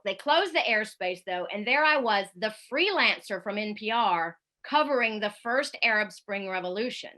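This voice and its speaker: A woman, a radio correspondent, telling a lively story over a video call, full of fillers and asides. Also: mid-range voice. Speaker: radio correspondent giving a talk. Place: home in Paris, at night.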